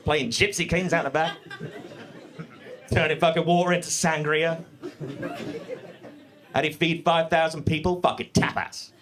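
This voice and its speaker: A man doing a live stand-up set in a comedy club, profane and animated, speaking into a stage mic. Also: fairly high pitch, measured pace, long pauses, a crowd in the background. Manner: profane, animated, mock-confident.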